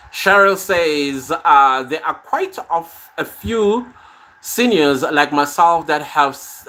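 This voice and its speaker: Bright-voiced man chatting on a live stream. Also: medium pitch. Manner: conversational, reads viewer comments aloud, trails off softly. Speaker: podcast host reading live comments. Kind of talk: casual live-stream chat. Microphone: phone.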